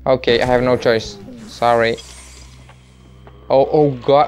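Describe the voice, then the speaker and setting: Excitable, jokey male gamer. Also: medium pitch, slow pace, vocal fry, highs cut off, faint music behind. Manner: excitable, jokey, panicky outbursts. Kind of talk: let's play commentary.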